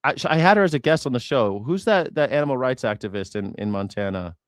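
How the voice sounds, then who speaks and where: A man's voice: medium pitch, animated, fast talker, no room sound, clean studio sound. Rambling, profane male live-stream host. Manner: rambling, profane, self-correcting. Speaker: host of a live news reaction show. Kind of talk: casual live commentary.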